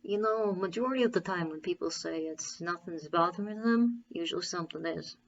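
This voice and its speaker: A woman's voice: on the low side, brisk, dull audio, close to an everyday voice. A woman voicing a firm, caring male parole officer. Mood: gentle. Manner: earnest, pleading, repeats key phrases.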